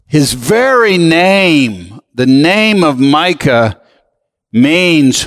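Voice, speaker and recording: Male pastor, slightly high voice, very slow deliberate sermon delivery, long hall reverb. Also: sing-song. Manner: slow, emphatic preaching with call-and-response.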